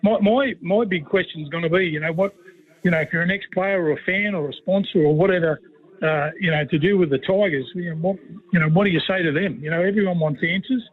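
A man's voice: high-pitched, fast talker, slightly rough. A middle-aged Australian man, a former player turned commentator, chatting on the radio and telling rambling, matey yarns. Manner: rambling, matey, fond of a yarn. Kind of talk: casual radio chat. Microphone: phone call. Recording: tinny phone line.

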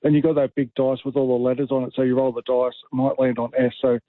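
Australian caller on a tinny phone line. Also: male voice, medium pitch, level tone, fast talker, no room sound. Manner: easygoing, explaining. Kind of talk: phone-in call.

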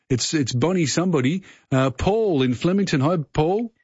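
Slightly high yet darkish, with a breathy edge, an Australian man's voice comes at normal speed over dry, slightly muffled radio. He hosts a phone-in quiz in a friendly, rambling talkback style, full of fillers and restarts.

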